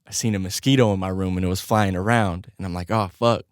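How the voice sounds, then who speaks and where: A man hosting his own podcast from a home studio, telling a story in a casual, animated way, swearing constantly and laughing along. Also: deep voice, quick pace, smooth, no echo. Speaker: podcast host.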